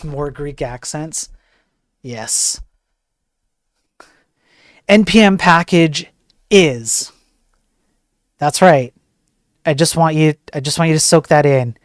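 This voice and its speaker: A man's voice: a little high, unhurried, long pauses, no room sound, studio quality. A man hosting a casual tech news stream, ranting bluntly and joking as he reads the stories. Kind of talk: casual live-stream commentary.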